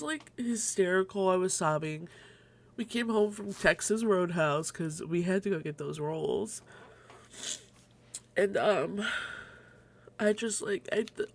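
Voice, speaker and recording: A young adult woman hosts a solo stream from home in a mid-range, animated voice at a measured pace. Her talk is rambling and full of swearing and laughter, and she's a little winded.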